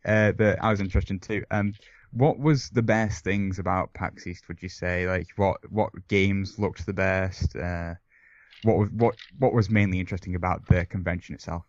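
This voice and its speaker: A man with a very low voice conducts an interview, tripping over his questions and padding them with ums. The sound is dry and muffled, like a cheap lo-fi recording. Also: steady tone, moderate pace, dry recording. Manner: hesitant, stumbling questions with many ums. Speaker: podcast interviewer.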